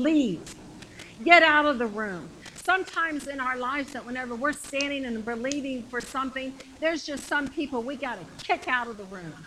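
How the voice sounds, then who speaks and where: A woman's voice: a little high, a bit bright, slight background noise, poor audio. A middle-aged woman preaching a sermon in a conversational, emphatic way, repeating phrases to build up her point, with a congregation answering her.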